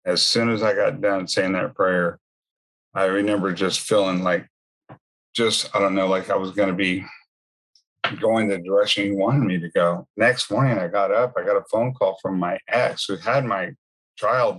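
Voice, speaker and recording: A man with a low, husky voice tells his faith testimony. He talks in a loose, conversational way and keeps adding asides. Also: steady tone, normal speed, fairly bright tone. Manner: conversational storytelling with many asides. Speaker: speaker sharing his testimony.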